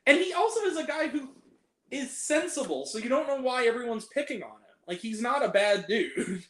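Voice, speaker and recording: A young man with a fairly high voice hosts a casual film chat, animated and ranting, with plenty of swearing. He talks in an echoey room. His pitch jumps up sharply when he gets worked up. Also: moderate pace. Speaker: host.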